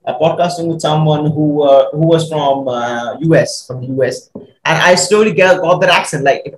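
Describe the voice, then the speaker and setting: A man from India, hosting a casual podcast interview, halting and filling pauses as he asks. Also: a little high, reverberant, a little hiss or hum, rough recording. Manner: hesitant, many fillers and restarts. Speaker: podcast host.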